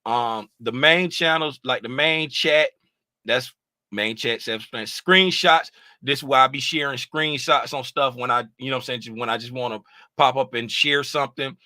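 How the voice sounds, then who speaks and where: A man in a mid-range voice with a sharp tone hosts a casual livestream as a trading mentor, speaking at a moderate pace in a dry recording. His explanations are laid-back and rambling, studded with "you know what I'm saying."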